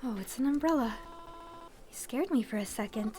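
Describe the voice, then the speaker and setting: A woman putting on a soft-spoken grieving old mother. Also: expressive, lightly acted. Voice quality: soft, slow, lowered old-lady voice. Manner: politely formal, sorrowful. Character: grieving elderly mother, gentle and polite. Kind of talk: voice-acted storytime.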